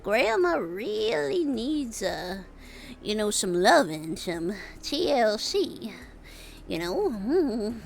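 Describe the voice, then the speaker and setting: A woman's voice: fairly high pitch, very animated, very slow, gravelly, a little hiss or hum, full character voice. A woman putting on the voice of a sweet, doting old grandma who calls people dearie.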